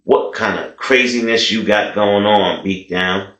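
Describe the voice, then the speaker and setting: Man doing deep threatening gang guys, indignant, echoey. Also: steady tone, a little slow, a bit bright. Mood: menacing. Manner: low, menacing, indignant. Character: angry male gang inmates turning menacing. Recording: echoey room.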